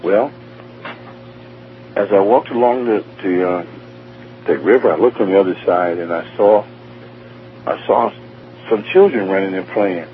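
A man's voice: low voice, unhurried, long pauses. A man earnestly telling his near-death testimony as a guest, often repeating and restarting his words. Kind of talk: emotional personal testimony. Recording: tinny phone line with faint hum.

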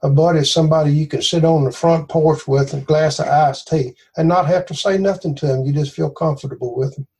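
Gravelly Southern man, folksy devotional talk. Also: on the high side, fairly even intonation, fairly quick, hardly any pauses, darkish tone. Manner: folksy, conversational, earnest.

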